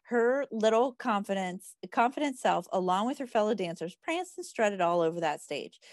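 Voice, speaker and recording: A woman's voice: medium pitch, no room sound. Woman reading a book aloud to a group, laughing, stumbling now and then, dry close sound. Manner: laughs often, stumbles over words while reading. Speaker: book club member.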